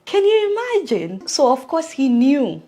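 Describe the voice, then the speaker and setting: A woman commentating on the news in a casual video, animated and talking directly to her viewers. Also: mid-range voice, moderate pace.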